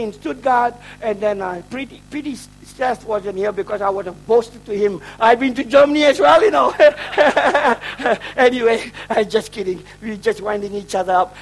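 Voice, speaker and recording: A man's voice: high voice, a little hiss or hum, low-quality recording. A middle-aged man from Malaysia, a traveling preacher telling a testimony in his sermon. He jokes and mocks himself. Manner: joking, self-mocking storyteller who laughs at his own lines.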